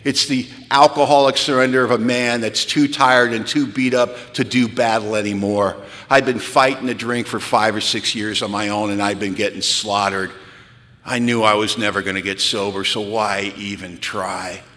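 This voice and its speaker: A man from California telling his recovery story at a retreat, candid and wry, sinking low and quiet, then rising to pleading intensity. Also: steady tone, moderate pace. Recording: long hall reverb.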